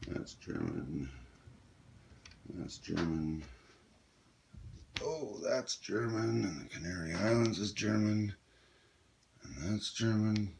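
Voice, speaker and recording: A man with a very low, deep voice talks through a tabletop strategy game at an easy pace, pausing often with ums and uhs. He sounds like he is in an echoey room, with a faint hiss behind him. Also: gravelly. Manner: relaxed, explains moves aloud with frequent ums and uhs. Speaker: board game player. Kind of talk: casual tabletop game playthrough commentary.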